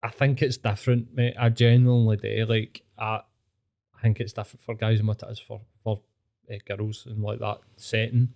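A man's voice: lowish voice, flat delivery, moderate pace, creaky, mellow. A Scottish man chatting bluntly and swearing often as co-host of a casual podcast.

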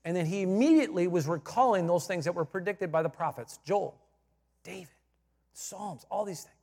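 A high-pitched male pastor preaches in a church, and his voice rings with a long reverb. He drops to quiet asides, then builds to loud emphatic points and repeats key phrases for effect. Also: moderate pace, vocal fry. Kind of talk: sermon. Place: church sanctuary.

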